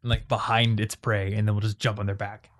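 A young man from Iowa hosting a podcast, telling stories in a loose, animated, rambling way with frequent restarts. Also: on the low side, brisk. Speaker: podcast host. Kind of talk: casual chat.

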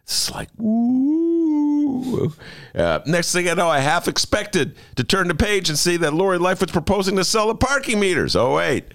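Rambling, wildly animated radio host. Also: male voice, high-pitched, fairly quick, hardly any pauses. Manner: rambling, jokey storyteller with voiced asides. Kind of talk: casual radio chat.

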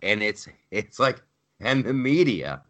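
A man hosting a podcast in casual political chat, excitable and animated, often restarting his sentences and throwing in sarcastic asides. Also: fairly low pitch, slow pace, dull audio. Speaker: podcast host.

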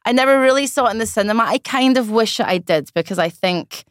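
A woman, chatting casually on a podcast, self-mocking and quick to laugh. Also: a little high, expressive, smooth, no room sound, studio quality. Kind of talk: casual chat.

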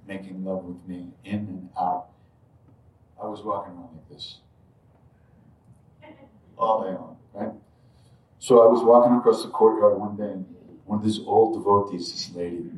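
A man telling a personal spiritual story in a reflective way, dropping to near-murmurs and then suddenly bursting loud as he acts out moments. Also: lowish voice. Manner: reflective, drifts quiet then jumps loud when acting out moments. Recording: roomy sound from a distant mic.

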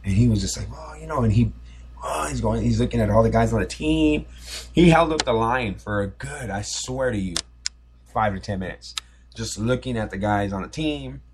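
A man's voice: lowish voice, normal speed, slight background noise. A man in his forties hosting a solo sports podcast, telling a nostalgic story in a loose, rambling way with many restarts. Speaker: podcast host. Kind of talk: casual solo podcast monologue.

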